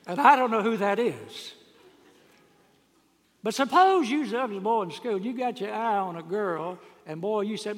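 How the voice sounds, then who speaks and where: Man preacher, fairly high voice, folksy sermon with loud emphatic peaks, church hall reverb. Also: lively intonation, normal speed. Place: church sanctuary. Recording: long reverb of a large hall.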